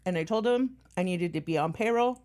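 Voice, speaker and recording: A lowish-voiced woman chatting on a stream, swearing freely and speaking bluntly. Her tone is sarcastic and matter-of-fact. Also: a little fast, a little mellow. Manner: slightly out of breath while moving furniture. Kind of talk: casual stream chat.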